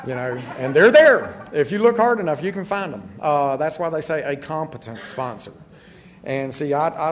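A man's voice: fairly high pitch, a little hiss or hum. A middle-aged man telling his own recovery story in a candid, self-deprecating way, with many fillers. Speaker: recovery speaker. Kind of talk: personal recovery talk.

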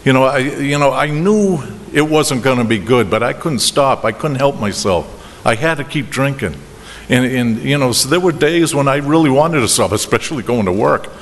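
A middle-aged man with a Boston accent tells a meandering personal story about his drinking at a recovery meeting, halting and restarting with chuckles. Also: mid-range voice, animated. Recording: reverberant hall with faint noise.

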